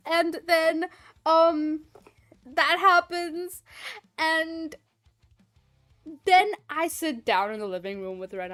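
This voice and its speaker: A young woman livestreaming, telling a rambling, animated story full of fillers, swearing and laughter. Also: very high-pitched, slow, long pauses, soft background music. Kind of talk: casual storytelling chat.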